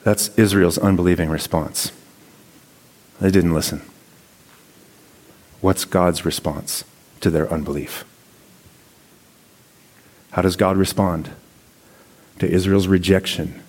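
A man's voice: deep voice, a little mellow. A man giving a sermon, reading scripture passages aloud and commenting on them in a conversational preaching tone. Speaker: pastor.

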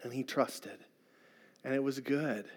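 A man's voice: mid-range voice, measured pace, slightly rough. A middle-aged man preaching a sermon as a pastor, telling a personal story in an earnest, conversational way.

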